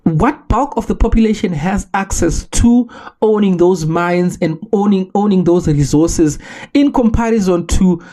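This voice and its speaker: A man from Zimbabwe, hosting a solo podcast and making his case in an earnest, measured way with rhetorical questions. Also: sits high, warm tone. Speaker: podcast host.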